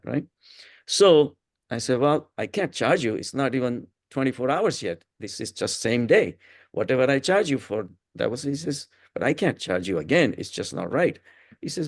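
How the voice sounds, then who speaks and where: An older man with an Indian English accent tells stories in a relaxed spiritual talk, his voice carrying a gravelly fry. The sound is close and dry, with no room around it. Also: mid-range voice, no echo. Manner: anecdotal, chuckling storyteller with frequent restarts. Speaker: spiritual talk speaker, physician.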